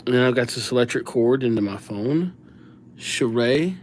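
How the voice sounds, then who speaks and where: On his calligraphy livestream, a young man talks at a moderate pace with lively intonation and a mid-range voice, a bit of hiss or hum underneath. He writes viewers' names while joking and inventing goofy nicknames for them.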